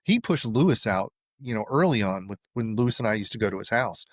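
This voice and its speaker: A man's voice: lowish voice, brisk, no echo. A man being interviewed, telling a story in a casual way and acting out the lines of the people he quotes. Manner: animated, acts out quoted dialogue. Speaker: interview guest.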